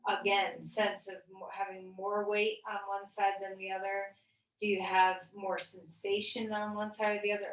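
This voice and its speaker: A woman teaching a gentle yoga class, guiding slowly with calm, questioning cues and the odd filler. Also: medium pitch. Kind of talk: guided yoga class instruction. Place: room, lying on the floor. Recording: echoey room, voice from a distance.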